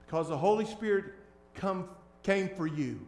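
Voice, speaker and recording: A man preaching as a pastor, shifting between hushed, tender lines and loud, emphatic ones. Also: high voice, expressive, moderate pace, echoey room. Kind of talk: sermon.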